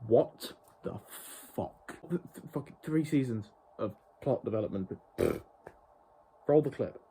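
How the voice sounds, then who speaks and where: A man's voice: on the low side, lively intonation, unhurried, dark tone, slight background noise. A man reviewing a TV show in an exasperated, profane rant. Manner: exasperated, heavily profane ranting. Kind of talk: ranting review vlog.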